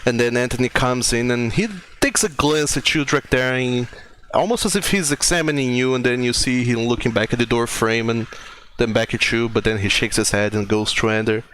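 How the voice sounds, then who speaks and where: A man narrating scenes as game master, relaxed and laughing easily. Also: medium pitch, fairly quick, a little hiss or hum.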